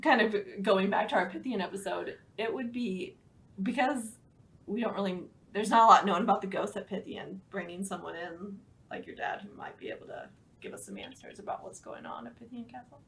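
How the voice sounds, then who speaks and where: A woman's voice: mid-range voice, brisk, creaky, fairly bright tone. A woman co-hosting a podcast in casual chat, rambling and laughing often. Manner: giggly, rambling. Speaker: podcast co-host.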